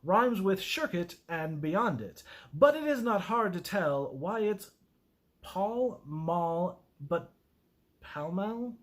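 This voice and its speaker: A man casually reading a poem aloud, halting and self-mocking as he stumbles over words. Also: high voice, sing-song. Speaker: video host.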